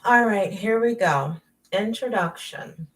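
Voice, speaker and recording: Chatty middle-aged woman, gravelly, off-mic. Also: mid-range voice, takes it slowly, distant mic, low-quality recording. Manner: chatty and self-mocking, laughs often. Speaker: life coach and author. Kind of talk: casual live-stream chat and book reading. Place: at home at night.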